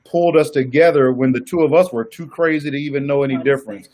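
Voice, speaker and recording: A man's voice: medium pitch, fast, a little mellow. A man with a Southern US accent, a married guest giving earnest, testimonial advice in a casual church talk. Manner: earnest, testimonial, laughs easily.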